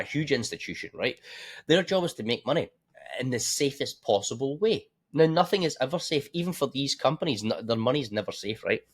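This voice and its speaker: Blunt, swearing man explaining markets. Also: medium pitch. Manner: blunt, swears freely, talks straight to viewers with frequent "right?". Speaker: forex trading educator. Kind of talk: casual screen-share market analysis.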